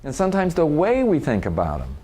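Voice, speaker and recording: A man's voice: a little high, wildly swooping pitch, brisk, warm tone. A middle-aged man speaking live to an audience at a workshop. He talks in a conversational way, laughs often and restarts his sentences.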